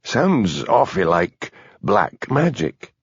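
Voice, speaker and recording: A man reading aloud, voicing a sleepy, wary plump older man who talks slowly and grumbles. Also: medium pitch, wildly swooping pitch, husky, no echo, muffled recording, exaggerated voice. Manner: slow, grumbling.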